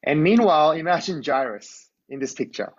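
A man's voice: fairly high pitch, expressive, normal speed, muffled recording. A man preaching a conversational sermon. He tells a Bible story and often asks his listeners to imagine the scene.

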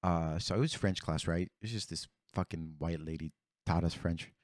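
A young man with a low, deep voice tells a rambling, profane story to his friends. He talks casually and drops "bro" into almost every sentence. The recording is dry and close. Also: steady tone, normal speed, darkish tone, no echo. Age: young adult.

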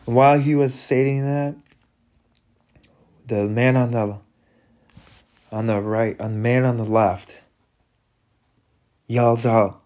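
A man giving a slow, halting devotional retelling and prayer, reflective, with frequent restarts. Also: mid-range voice, steady tone, darkish tone. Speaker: preacher.

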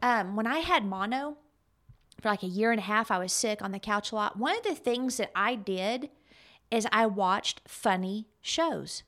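A woman's voice: mid-range voice, animated, moderate pace, a bit bright. A middle-aged woman co-hosting a talk show, telling stories animatedly and laughing often. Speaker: podcast co-host. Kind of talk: casual chat.

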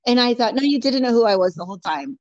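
A woman's voice: a little high, lively intonation, fast, no room sound. Woman, casual chat, blunt, swears a lot, dull lo-fi recording, dry sound. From California. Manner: blunt, swears freely, many "like" fillers. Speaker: guest.

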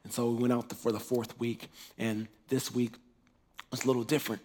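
A man telling a personal faith testimony in a lively way, acting out the voices in his story. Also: mid-range voice, brisk, a little hiss or hum. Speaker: preacher sharing a testimony.

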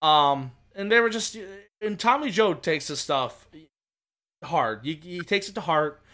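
A man with a high, bright voice co-hosts a casual podcast. He rambles eagerly, restarting sentences as he goes. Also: measured pace. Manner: excited, rambling, many restarts. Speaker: podcast co-host. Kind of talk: casual racing chat.

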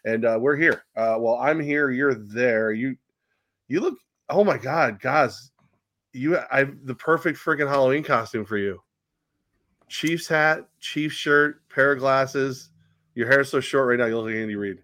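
A man's voice: mid-range voice, measured pace, bright, forceful tone, no room sound, clean studio sound. A man hosting a casual football podcast, teasing his co-host and rambling with lots of "uh" and "like". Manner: teasing, rambling with many fillers. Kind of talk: casual sports podcast banter.

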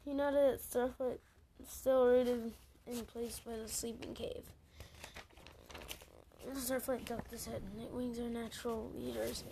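Woman reading a dragon book out loud, stumbles a lot, cracks swear-y jokes, higher voice. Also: little pitch movement, slow pace, pauses often, slight background noise. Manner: stumbles and restarts words, swearing jokey asides. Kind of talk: casual read-aloud storytelling.

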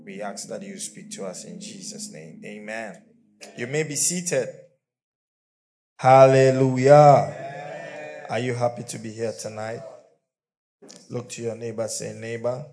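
A man preaches to a congregation in a fairly low voice. He leads call-and-response with the crowd and speaks emphatically, breaking into laughter now and then. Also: moderate pace, faint music behind. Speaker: pastor. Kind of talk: sermon. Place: church before a congregation.

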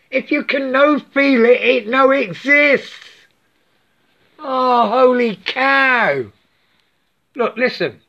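A speaker pours out a fired-up monologue at a slow, deliberate pace, in clipped broken English with no articles. "Yeah?" keeps coming back as a challenge to the listener, and curses come out in frustration. The sound is muffled and lo-fi. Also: high-pitched, vocal fry, a bit bright. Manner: swears often and vents with angry emphasis. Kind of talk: impassioned monologue rant. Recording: dull lo-fi recording.

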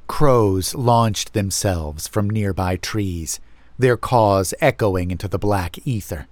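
A man narrating a first-person horror story in a slow, measured, brooding way. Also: fairly low pitch, darkish tone, no echo.

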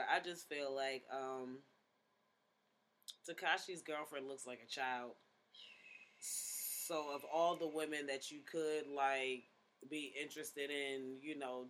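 A man's voice: medium pitch, sharp tone, slight background noise. A man hosting a podcast in casual chat, laid-back, rambling and profane. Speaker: podcast host.

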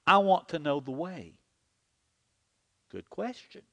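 Dull audio captures a pastor with a slightly high, creaky voice preaching slowly. He gives an animated sermon in a church sanctuary, heavy with long hall reverb, leading the congregation as they repeat a prayer.

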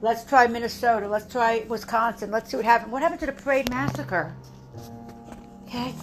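A woman's voice: on the high side, brisk. A woman delivering an impassioned political monologue, emphatic and rousing, repeating lines for effect and dropping to a grave tone for warnings.

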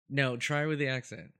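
A man's voice: medium pitch, sharp tone, smooth. Playful man co-hosting a chatty podcast. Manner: playful, laughs often, quick bursts. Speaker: podcast co-host. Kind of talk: casual chat.

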